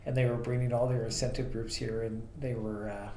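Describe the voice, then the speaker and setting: A man's voice: medium pitch, little pitch movement, fairly quick, warm tone. A man co-hosting a podcast, telling rambling anecdotes about his transportation business with lots of fillers. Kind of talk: casual storytelling chat. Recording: echoey room with faint ambient noise.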